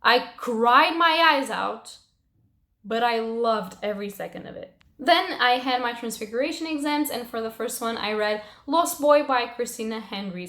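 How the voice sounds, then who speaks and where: A young woman chatting casually about books she read, emotional and expressive, swearing now and then. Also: a little high. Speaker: book reviewer. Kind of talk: casual book wrap-up chat. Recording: roomy echo.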